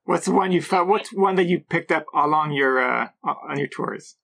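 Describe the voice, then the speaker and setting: A man co-hosting a running podcast with a husky voice. He chats in a relaxed, easygoing way, sometimes trailing off. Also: a little high, moderate pace. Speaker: podcast co-host. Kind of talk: casual interview chat.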